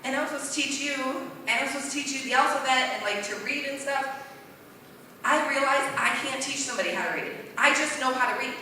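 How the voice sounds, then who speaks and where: A woman doing rambling, self-deprecating stand-up at an open mic night in a bar, with a voice she calls deep. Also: brisk, bright, forceful tone, slight background noise. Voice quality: deep-sounding voice. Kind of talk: stand-up comedy. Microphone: stage mic in a bar. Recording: roomy hall, voice from far off.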